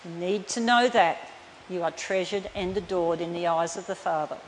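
A woman preaching a sermon in an earnest, emphatic way that turns tender. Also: medium pitch. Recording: reverberant hall, faint room noise.

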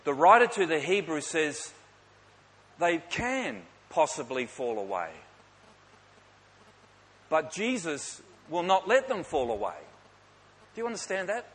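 A man's voice: fairly high pitch, big pitch swings, unhurried, long pauses, a bit bright. A man preaching a sermon, emphatic, with rhetorical questions to the congregation and light joking asides. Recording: echoey hall with faint hiss.

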